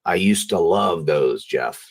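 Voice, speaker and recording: A man telling a personal story in an interview, in a casual, halting way, often repeating and restarting phrases. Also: deep voice, expressive, gravelly, no room sound. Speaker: interview guest.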